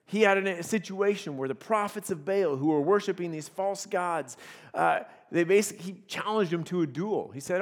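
High-voiced man preaching playfully. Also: normal speed, in a large hall. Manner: playful storytelling, acts out quotes, laughs often. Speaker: pastor. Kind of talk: sermon.

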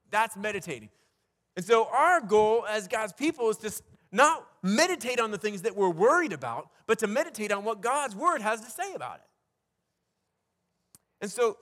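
Male pastor, higher pitch, casual preaching style full of restarts, recorded in a reverberant hall. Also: fairly bright tone. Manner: conversational preaching with frequent restarts and rhetorical questions. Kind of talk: sermon.

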